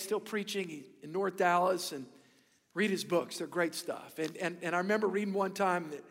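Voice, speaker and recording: High-voiced man preaching in a reverberant hall. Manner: passionate, swings between loud emphasis and hushed asides. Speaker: pastor. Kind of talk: sermon.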